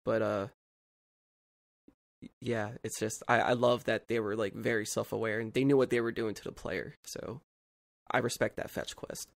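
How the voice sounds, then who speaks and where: A man's voice: fairly low pitch, fairly even intonation, normal speed, gravelly, pauses often, no room sound. A man co-hosting a podcast, telling a long, rambling story in casual chat, packed with "like" fillers. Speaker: podcast co-host.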